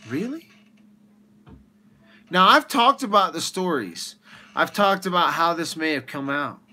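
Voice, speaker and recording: A man hosting a livestream, ranting with rhetorical questions in an animated way. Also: a little high, unhurried. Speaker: livestream host.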